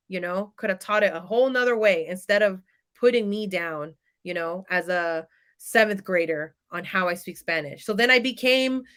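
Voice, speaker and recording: A woman in her thirties from California speaks as a podcast guest. Her voice is bright and clear, and she tells her story in a casual, animated way. She often acts out the lines of the people she quotes. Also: mid-range voice.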